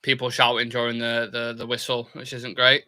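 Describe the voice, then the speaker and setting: There's a faint hiss or hum behind this young man's medium-pitched, moderately paced voice. Hosting a live football watchalong for his fan channel, he chats casually, reads out viewer comments, and bursts into excited cheers for his team.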